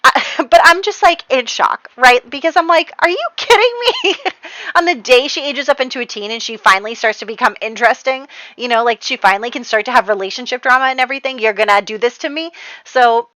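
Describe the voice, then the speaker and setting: A woman giving casual voice-over commentary on her game, chatty and animated, often laughing. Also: a little high, fast, dry recording, rough recording. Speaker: gameplay narrator.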